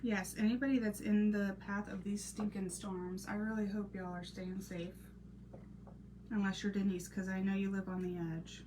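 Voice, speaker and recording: A woman in her thirties hosting a casual crafting live stream, chatting and greeting viewers by name, sometimes dropping to a soft half-whisper while she works. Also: medium pitch, flat delivery, normal speed. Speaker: crafting channel host. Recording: distant mic with noisy background.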